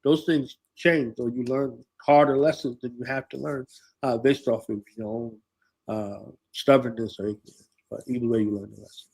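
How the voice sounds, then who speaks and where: A man's voice: medium pitch, fairly even intonation, moderate pace, gravelly, a little mellow, slightly rough. A casual man hosting a podcast. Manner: conversational, frequent "right" and "you know". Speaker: podcast host. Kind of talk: casual conversation.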